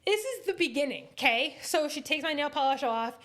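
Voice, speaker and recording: A woman co-hosting a podcast, telling a story in casual chat and acting out the quotes with big jumps in her voice. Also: fairly quick. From Florida. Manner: animated, acts out quotes with big pitch jumps. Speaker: podcast co-host.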